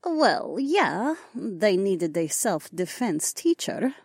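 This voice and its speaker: A man's voice: high-pitched, sing-song, takes it slowly, creaky, slightly rough, dry recording, clean studio sound, pitched above the performer's own voice, heavily acted. A man voicing a proud, playful adult female dragon in an audiobook, with a teasing, offhand manner. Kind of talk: audiobook narration.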